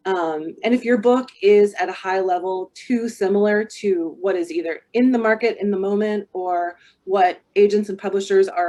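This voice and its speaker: A woman's voice: on the low side, a little mellow. A woman book coach giving casual advice, thoughtful and talking with many ums and restarts.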